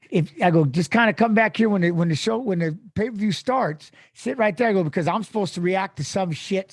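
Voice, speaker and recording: A man guesting on an interview show, telling an emotional story in an animated way, acting out quoted voices and swearing casually. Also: sits high, no room sound, clean studio sound.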